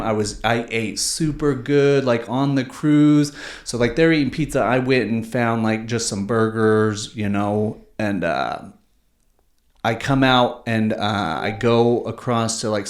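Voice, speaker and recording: A man hosting a podcast, telling stories in a casual, slangy way, swearing and saying "dude" a lot. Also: lowish voice. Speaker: podcast host. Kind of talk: casual storytelling chat. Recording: roomy echo.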